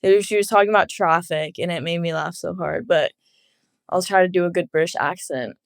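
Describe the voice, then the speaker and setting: A woman's voice: lowish voice, fairly quick, creaky, dry recording, studio quality. A twenty-year-old woman from Los Angeles, a guest on a casual podcast interview, giggling often and leaning on "like" as she talks. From Los Angeles, USA. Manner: giggly, laughs often, heavy use of "like". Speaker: guest footballer.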